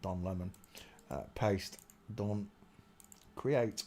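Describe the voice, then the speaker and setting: A man's voice: low voice, steady tone, very slow, dark tone, slight background noise. A man hosting a livestream, ranting in a rambling monologue to his chat and muttering to himself as he searches on screen. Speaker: livestream host.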